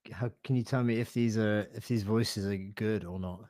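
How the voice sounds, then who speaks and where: A man presenting a live online software demo, thinking aloud in a relaxed, hesitant way with fillers and self-corrections. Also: lowish voice, normal speed, no room sound. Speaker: webinar presenter.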